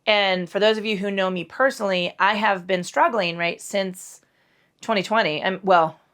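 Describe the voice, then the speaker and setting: At home, a middle-aged yoga instructor guides a relaxed class in a medium-pitched, slightly bright voice with fairly even intonation and normal speed. She rambles along, swearing freely and making herself the butt of her jokes.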